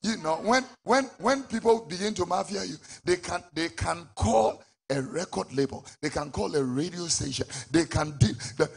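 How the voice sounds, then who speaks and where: A middle-aged man with a Ghanaian English accent, preaching a sermon as a prophet, with sudden shouted peaks. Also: high voice, expressive, normal speed, gravelly, breathy edge.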